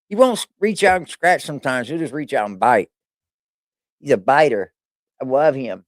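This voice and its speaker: A man's voice: fairly high pitch, lively intonation, normal speed, no room sound, clean studio sound. A man hosting a casual live stream, chatting loosely and with plenty of swearing while he talks to his pet. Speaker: streamer host.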